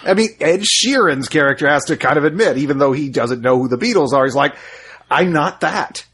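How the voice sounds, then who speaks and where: A man's voice: mid-range voice, quick pace, fairly bright tone, husky. A man co-hosting a casual movie review podcast, telling stories and laughing often. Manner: storytelling, laughs often, restarts phrases. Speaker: podcast co-host.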